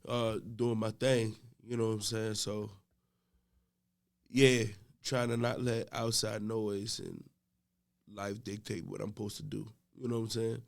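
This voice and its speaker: Middle-aged guy with a gravelly voice, podcast guest, chill then loud and cracking up telling a story. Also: lowish voice, level tone, a little slow. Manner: laid-back, gets loud and laughing when telling a story. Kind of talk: casual storytelling chat.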